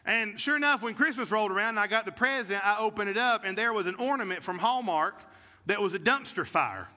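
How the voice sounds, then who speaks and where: A man's voice: high voice, a little fast, pushed and bright, in a large hall. A man preaching a sermon, telling a personal story and building to fervent preaching. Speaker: pastor. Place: church sanctuary.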